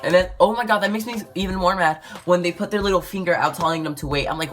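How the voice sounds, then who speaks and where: A woman with a low voice rants casually to camera, rambling and exasperated. She fills her talk with "like" and swings from loud outbursts to muttering. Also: quick pace, few pauses, over music. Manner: exasperated, rambling, says "like" a lot. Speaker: vlogger.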